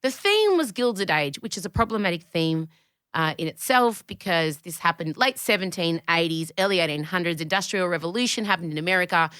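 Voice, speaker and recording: An Australian woman hosting a podcast, chatting in an animated, opinionated way, swearing freely and jumping between tangents. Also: on the low side, a little fast, clear, resonant tone, no room sound, studio quality. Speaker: podcast host; comedian. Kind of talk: casual podcast chat.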